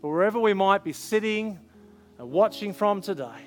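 A man speaking as a pastor, earnestly leading an altar call and prayer in a church sanctuary, with soft drawn-out pauses. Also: sits high, lively intonation, faint music behind.

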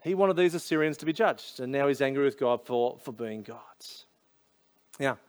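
A man's voice: medium pitch, lively intonation, normal speed, clean tone. A man with an Australian accent preaching a sermon in a conversational, storytelling way, full of casual asides. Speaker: pastor.

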